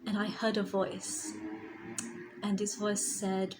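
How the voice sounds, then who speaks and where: A woman's voice: mid-range voice, little pitch movement, takes it slowly, pauses often, a little mellow, slight background noise, low-quality recording. A woman, a spiritual healer, telling her personal story in a reflective vlog, sometimes dropping to a whisper.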